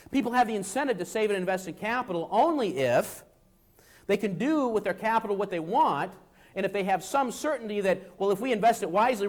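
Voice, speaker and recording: A male lecturer delivering an economics talk at a seminar. His voice sits high and moves through a wide, lively range. He often pauses to check in with the audience through rhetorical tag questions.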